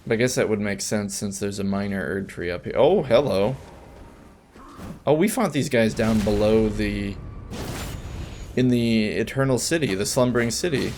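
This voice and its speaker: Gravelly low-voiced man narrating gameplay. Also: moderate pace, darkish tone, a little hiss or hum. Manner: chatty, rambling asides with restarts. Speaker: let's play gamer. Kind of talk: casual gameplay commentary.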